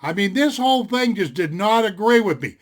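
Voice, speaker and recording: Folksy older man, very high-pitched speaking voice, rambling anecdote told straight to camera. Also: animated, moderate pace. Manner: folksy and rambling, with many fillers. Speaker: storyteller. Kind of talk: casual storytelling to camera. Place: home desktop setup.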